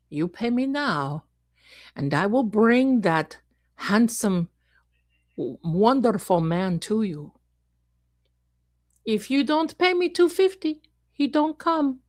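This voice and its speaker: A woman's voice: fairly high pitch, no echo. A woman voicing a greedy woman fortune teller who runs a scam, with wheedling sales patter and broken grammar. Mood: haggling. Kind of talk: comic improvised role-play.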